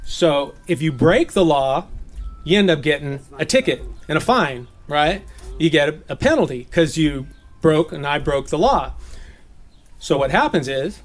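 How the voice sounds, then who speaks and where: A man's voice: fairly high pitch, lively intonation, a little slow. A man raised in Southern California giving an informal, conversational Bible teaching, laughing at his own jokes.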